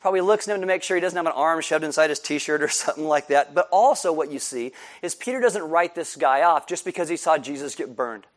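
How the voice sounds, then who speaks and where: High-voiced male pastor preaching. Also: fast talker, hardly any pauses. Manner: animated, acts out scenes with voices. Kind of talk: sermon.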